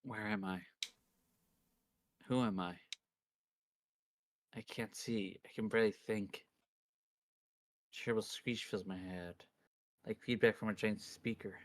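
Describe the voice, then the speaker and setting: Low-pitched male streamer narrating a game in first person, dry close sound, dramatic delivery. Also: steady tone, normal speed, long pauses, dry recording. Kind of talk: reading a visual novel aloud.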